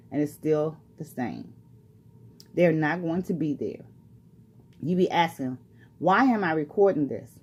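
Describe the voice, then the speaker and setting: A retired older woman working as a grief coach speaks in a lowish, slightly mellow voice. She talks to the camera earnestly and personally in a motivational way, repeating phrases for emphasis.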